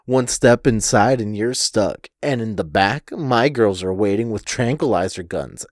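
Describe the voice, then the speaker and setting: A man co-hosting a podcast in casual chat, a relaxed storyteller who swears casually. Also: lowish voice, a little slow, dry recording, studio quality. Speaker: podcast co-host.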